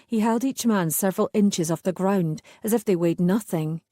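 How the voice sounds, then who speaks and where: A woman reads a historical romance audiobook as scripted narration, her storytelling measured and even. Her pitch sits in the medium range, and the studio-quality recording has no echo.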